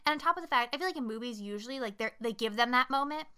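High, bright woman with emphatic critiques. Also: expressive, racing, smooth. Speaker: podcast co-host. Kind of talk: casual podcast chat.

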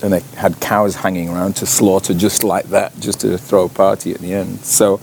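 Low-voiced man teaching casually. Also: little pitch movement, normal speed, vocal fry, a little mellow, slight background noise. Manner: chatty, many fillers and rhetorical questions. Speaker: Bible school teacher. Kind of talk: informal teaching talk.

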